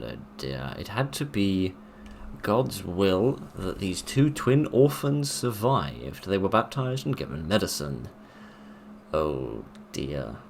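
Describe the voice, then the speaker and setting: A man's voice: low-pitched, gravelly, slight background noise. A man giving dry, sarcastic let's play commentary while he plays a horror game. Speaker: gaming video narrator.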